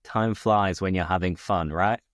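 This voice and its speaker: A man's voice: low-pitched, a little slow, no echo, clean studio sound. A British man hosting a casual chat, upbeat and talkative, explaining expressions as he goes. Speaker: host.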